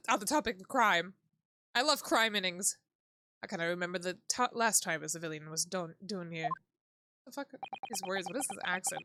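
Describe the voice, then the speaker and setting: A woman's voice: medium pitch, expressive, moderate pace, sharp tone, a little hiss or hum. A woman streaming a game, chatting casually, swearing and reading the game text aloud. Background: background music.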